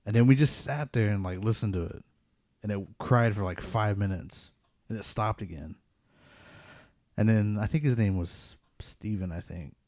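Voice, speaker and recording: Relaxed low-voiced man telling a story. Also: normal speed, no echo, studio quality. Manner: relaxed, rambling, many "like" fillers. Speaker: podcast host. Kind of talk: casual storytelling.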